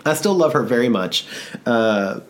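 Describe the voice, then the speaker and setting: A man's voice: mid-range voice, lively intonation, unhurried. Rambling, self-mocking male podcast host. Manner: rambling, self-deprecating, swears casually. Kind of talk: casual storytelling chat.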